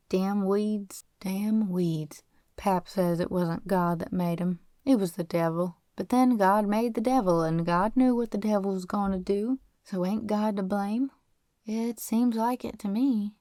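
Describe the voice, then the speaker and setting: A woman's voice: medium pitch, mellow, dry recording, studio quality, natural voice. A woman reading an audiobook voices a poor, defiant teenage farm boy who runs away, speaking in earnest folksy backcountry grammar.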